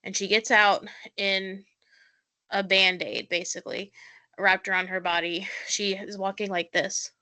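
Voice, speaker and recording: Woman podcast cohost, bright sharp voice, rambly recap full of "like". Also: mid-range voice, measured pace. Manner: chatty, lots of "like" fillers, acts out quotes. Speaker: podcast co-host. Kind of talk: casual recap chat.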